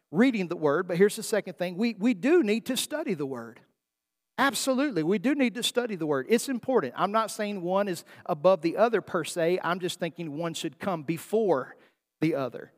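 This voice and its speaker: A man preaching a sermon in a folksy, emphatic way, asking his listeners rhetorical questions. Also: high-pitched. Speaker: pastor. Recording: long hall reverb.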